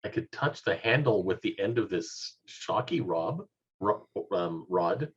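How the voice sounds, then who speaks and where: A man's voice: fairly low pitch, lively intonation, measured pace, slightly rough. A man playing a tabletop game with dry, wry remarks. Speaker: player. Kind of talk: casual tabletop play. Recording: dull lo-fi mic.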